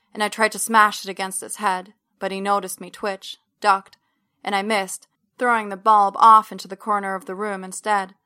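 A woman reads a first-person story aloud in a measured, steady way. Her voice is bright, and her pitch stays level with little movement. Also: clear, resonant tone. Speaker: audiobook narrator. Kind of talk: first-person fiction narration.

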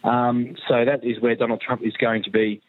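A man's voice: mid-range voice, flat delivery, moderate pace, no room sound. A male foreign correspondent speaking by phone, hesitant and full of fillers as he reports. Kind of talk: phone interview. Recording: tinny phone line.

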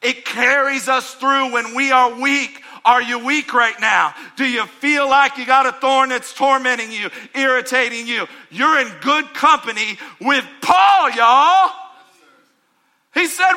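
A middle-aged man preaching a sermon to his church, with call-and-response asides that climb to shouted peaks. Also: extremely high pitch, a little slow. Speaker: pastor.

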